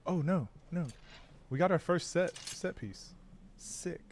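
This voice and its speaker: A man's voice: fairly high pitch, animated, slow, a little hiss or hum. An American man chatting casually on a live stream, answering chat while he plays a game. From United States.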